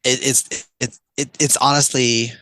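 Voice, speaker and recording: A man guest on a podcast, explaining communication with lively, energetic delivery and frequent shifts of pace. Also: mid-range voice, unhurried, no room sound, rough recording. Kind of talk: casual podcast interview.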